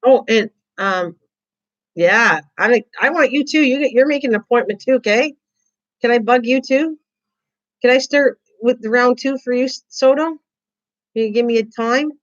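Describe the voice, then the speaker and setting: Excitable woman on a lo-fi livestream. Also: fairly high pitch, normal speed. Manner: excitable, rambling, repeats words. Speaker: craft livestream host. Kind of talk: casual chat reading viewer comments. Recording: dull lo-fi livestream audio.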